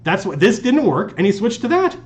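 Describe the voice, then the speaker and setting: A fairly quick, high-voiced man acts as game master and host for a live stream set in an office conference room. His talk is casual, animated storytelling that wanders and restarts often, recorded via lapel mic.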